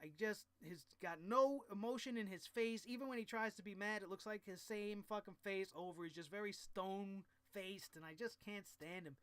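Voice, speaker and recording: A man's voice: high-pitched, moderate pace, few pauses, a bit bright, clear, resonant tone, no room sound. A man recapping a wrestling show in a casual, profane and exasperated rant, full of sarcasm.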